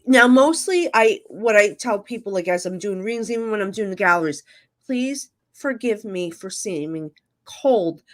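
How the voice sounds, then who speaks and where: A middle-aged psychic medium from New Jersey, appearing as a guest, shares emotional stories candidly in casual conversation, with frequent fillers. Her voice is medium in pitch and expressive, moving at a normal speed.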